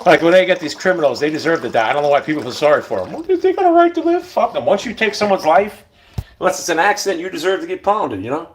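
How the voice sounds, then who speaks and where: A man's voice: fairly high pitch, lively intonation, fast, a little hiss or hum. Blunt, profane middle-aged man rambling. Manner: blunt, profane, rambling, often drops to a mutter. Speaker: vlogger. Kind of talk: casual rambling monologue.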